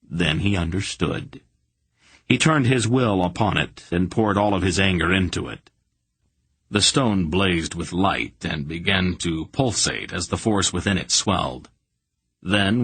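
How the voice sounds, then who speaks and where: A male audiobook narrator with a low, husky voice, telling the story in a steady, measured way. The recording is close and dry, with no room sound. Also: no echo. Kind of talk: scripted narration.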